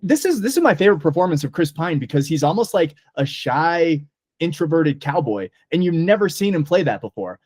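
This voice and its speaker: A man chats through a movie review with eager, rambling enthusiasm, leaning on fillers as he goes. His voice sits a little on the high side. The sound is dry and close, with no room around it. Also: sing-song, brisk, a little mellow, slightly rough, dry recording. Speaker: podcast co-host. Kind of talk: casual movie review chat.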